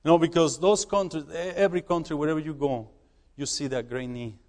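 Guy preaching in a church, kinda high voice, stumbles and repeats words, echo rings on. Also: fairly even intonation, fairly quick, darkish tone. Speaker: missionary. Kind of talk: sermon.

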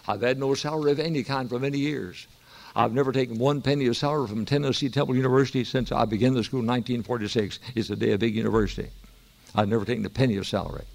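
A man's voice: mid-range voice, vocal fry, a little mellow. An older man, preaching a sermon and telling stories with emphatic exhortation. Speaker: pastor.

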